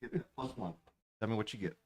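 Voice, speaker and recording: A man's voice: fairly low pitch, fast talker, slightly rough. A man narrating a tabletop game as game master, in a playful, rambling way.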